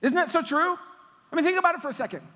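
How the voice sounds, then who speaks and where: A man preaching a sermon as pastor, emphatic and repetitive, with quick jokes, in a church sanctuary. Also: very high voice, expressive, sharp tone. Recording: long hall reverb.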